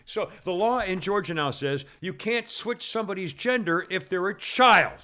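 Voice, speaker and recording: A man's voice: high voice, normal speed, sharp tone. A man hosting a talk show, chatting bluntly and opinionatedly, often laughing. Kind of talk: casual talk show banter.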